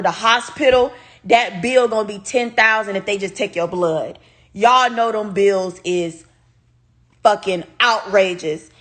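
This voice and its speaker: Young woman, casual storytime vlog, animated, swears, talks straight to her viewers. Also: medium pitch. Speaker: vlogger.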